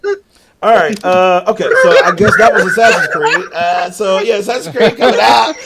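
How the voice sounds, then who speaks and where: A man's voice: sits high, normal speed, very noisy. A man hosting a casual gaming podcast who laughs often and swears freely as he chats. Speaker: podcast host. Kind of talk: casual, profane gaming chat.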